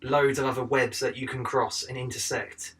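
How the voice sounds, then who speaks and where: A man's voice: mid-range voice, flat delivery, normal speed, fairly bright tone, far from the mic. A man co-hosting a podcast in casual chat, laid-back and joking, swearing freely. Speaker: podcast co-host.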